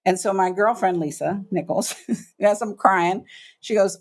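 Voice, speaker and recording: Animated middle-aged woman telling her story. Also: medium pitch, measured pace. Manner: animated storyteller, acts out quoted voices, emphatic. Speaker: guest, business coach. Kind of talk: candid podcast interview.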